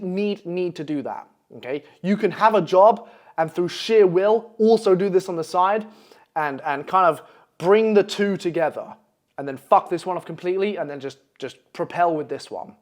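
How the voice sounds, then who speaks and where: A brash young man lectures his viewers. His voice sits fairly high, and he swears freely and keeps pressing "okay?" after each point. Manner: profane, brash, repeats "okay?". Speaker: online coach. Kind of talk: blunt motivational monologue.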